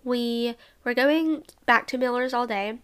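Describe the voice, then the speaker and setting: In a fairly high, clean, slightly bright voice at a measured pace, a young Alabama woman looks back on traveling with her sisters. The travel vlogger keeps it casual and bubbly, leaning on "like" and giggling now and then.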